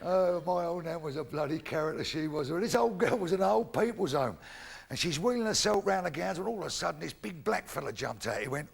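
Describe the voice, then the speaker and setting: A man's voice: fairly high pitch, animated, fast, vocal fry, slightly rough. An older man with a Cockney accent telling rambling, swear-laden jokes in a live stand-up routine on a theatre stage. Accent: London Cockney. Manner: rambling anecdotal delivery, lots of acted-out dialogue and swearing. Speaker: stand-up comedian.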